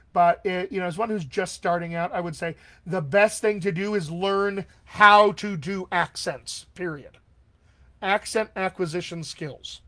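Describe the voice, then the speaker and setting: A man's voice: a little high, a bit bright. A man working as a dialect coach, answering viewer questions in a live online session in an upbeat, encouraging way and often checking in with his listeners.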